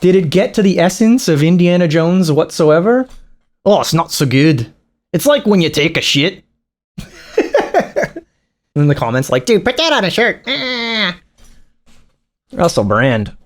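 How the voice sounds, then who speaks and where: A man's voice: a little high, sing-song, slow, long pauses. A man giving casual, crude, mocking reaction commentary with frequent laughing asides.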